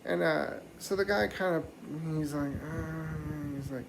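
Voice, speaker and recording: A man doing stand-up comedy, telling a rambling, animated story and slipping into mock voices. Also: a little high, a little slow, creaky, few pauses, a little hiss or hum, poor audio.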